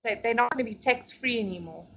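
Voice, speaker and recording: A woman vents in a casual podcast chat, her high voice sharp with exasperation. She swears freely and sounds fed up, talking as a frustrated beauty therapist. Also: quick pace, creaky, breathy edge, dull audio. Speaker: podcast co-host.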